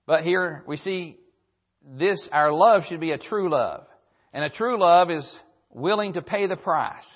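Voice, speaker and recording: A preacher man with a fairly high voice delivers a sermon, reading old-style scripture verses and repeating his key phrases. The sound is dull and lo-fi, like an old church broadcast. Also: expressive, measured pace.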